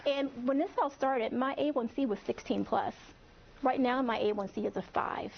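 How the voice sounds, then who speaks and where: A woman being interviewed on TV who speaks emotionally, with halting restarts. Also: high voice, creaky. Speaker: interview guest. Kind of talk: live TV interview. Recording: slightly muffled TV broadcast audio.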